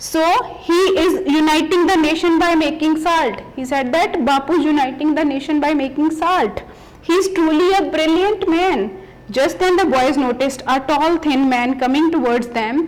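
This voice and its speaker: High-voiced woman teacher explaining a story. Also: rough recording. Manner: explanatory, rephrasing each sentence. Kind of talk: reading and explaining a textbook chapter.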